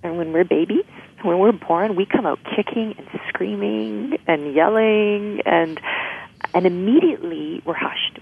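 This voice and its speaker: A woman's voice: medium pitch, animated, a little slow, vocal fry, husky. A woman guest explaining emotional healing in an interview, often checking in with "right?". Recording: tinny phone-like line.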